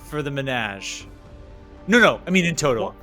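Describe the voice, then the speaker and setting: A man narrating as game master of a tabletop game, lively and joking. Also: mid-range voice, moderate pace, over music.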